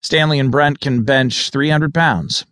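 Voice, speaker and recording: A man's voice: medium pitch, a little slow, fairly bright tone, no room sound, clean studio sound, pitched above the performer's own voice, natural voice. An actor narrating an audiobook and voicing a smug middle-aged male governor with a prim, clipped, self-important manner. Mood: proud.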